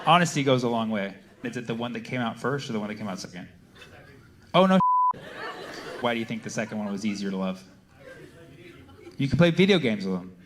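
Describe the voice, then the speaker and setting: A man's voice: fairly low pitch, lively intonation, a little fast, pauses often, noisy background. A male stand-up comedian doing a mocking set with crowd work, talking to the audience from a club stage. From Arab heritage. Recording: echoey club, distant mic. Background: audience laughter.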